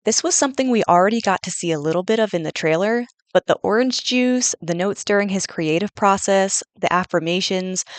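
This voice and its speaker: A woman's voice: on the low side, dry recording. A young woman reading a scripted fan review as a voice-over into a gaming headset, earnest and detailed.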